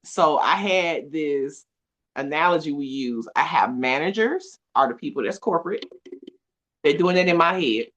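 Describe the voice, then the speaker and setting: Woman, podcast guest, expressive, laughs often, lively pitch. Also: normal speed. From Atlanta, USA. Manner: animated, expressive storytelling with frequent laughs. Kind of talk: casual conversation.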